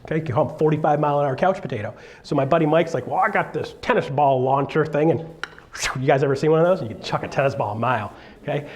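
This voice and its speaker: A middle-aged man speaking to a live audience as a real estate speaker, with a fairly high voice for a man. He tells a story in an animated, joking way, slipping into little voices for the people in it. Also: quick pace.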